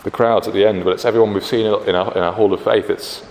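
A man's voice: on the low side, steady tone, fast, a little mellow. A British man preaching a sermon in a conversational way, with frequent fillers and restarts. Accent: British English. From Britain. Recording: echoey hall, faint background noise.

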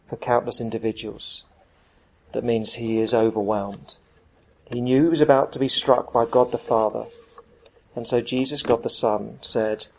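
A man preaching a sermon in a conversational, emphatic way, dropping to soft, earnest tones. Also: mid-range voice, gravelly, husky, rough recording.

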